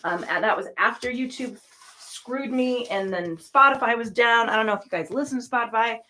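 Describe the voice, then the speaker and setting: A woman's voice: fairly high pitch, brisk, sharp tone, distant mic. Profane rambling woman yoga host. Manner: profane, ranting and rambling, with laughs. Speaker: yoga studio owner and host. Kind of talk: casual chat.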